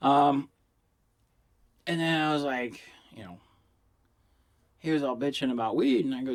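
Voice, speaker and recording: A man's voice: medium pitch, unhurried, long pauses. Stoned man rambling casually. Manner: loose, giggly, stoned and rambling; profane storytelling with acted quotes. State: high. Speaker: vlogger reviewing vapes.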